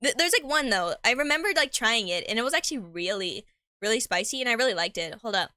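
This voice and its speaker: A young woman streamer rambling casually as she eats, tripping over words and tossing in slang. Her voice is bright and a little high. The sound is dry and close, with no room around it. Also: lively intonation, fast talker, no echo. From Mexican heritage. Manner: chatty and rambling, stumbles over words, slangy, laughs often, talks with mouth full. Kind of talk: casual chat while eating.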